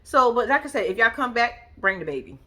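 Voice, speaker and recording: A sassy woman recaps reality TV in a blunt, profane, animated way, talking straight to her viewers. Her voice sits fairly high and bright, with a lively pitch that swings up and down. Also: a little fast. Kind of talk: casual recap commentary.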